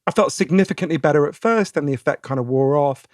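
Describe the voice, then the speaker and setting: A man in his forties with a posh British accent, answering interview questions in a chatty, animated way, laughing often and restarting his sentences. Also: on the high side, fast talker, no room sound, clean studio sound. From Britain. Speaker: guest author.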